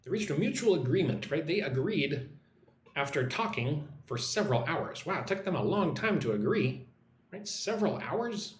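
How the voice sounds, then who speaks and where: Man, English teacher, live lesson, animated pitch, slightly high voice, roomy echo, faint background hum. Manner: models pronunciation slowly, reads chat comments aloud.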